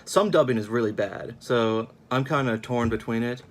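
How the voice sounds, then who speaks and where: A man's voice: medium pitch, moderate pace. A young man giving a casual, sarcastic film review, rambling at an uneven pace.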